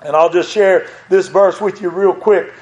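A man's voice: high voice, steady tone, normal speed, darkish tone, muffled recording. A man preaching a sermon from the pulpit of a small church, earnestly quoting scripture in old-style wording. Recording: echoey church room.

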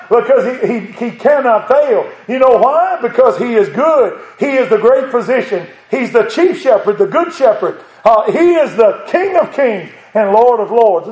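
A sermon echoes through a sanctuary as a drawling male preacher, his voice high, light and a little mellow, moves from tender contemplation to fiery, rousing fervor. Now and then he lets out a chuckle.

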